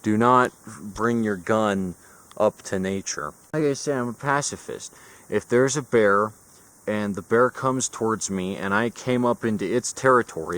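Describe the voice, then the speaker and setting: A man's voice: on the low side, fairly bright tone. A young man vlogging outdoors in a forest, talking into a camera in a rambling, sarcastic way and swearing freely. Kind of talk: casual vlog monologue. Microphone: camera mic.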